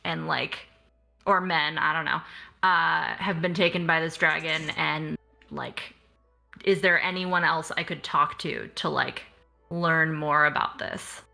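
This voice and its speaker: A woman playing a tabletop game, talking in a hesitant, halting way with many fillers. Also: low voice, fairly even intonation, creaky, sharp tone, faint music behind. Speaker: player.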